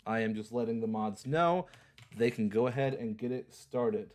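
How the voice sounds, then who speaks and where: A man's voice: medium pitch, normal speed, darkish tone. A young man hosting a livestream in a casual, upbeat way, repeating his phrases like an auctioneer. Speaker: livestream host.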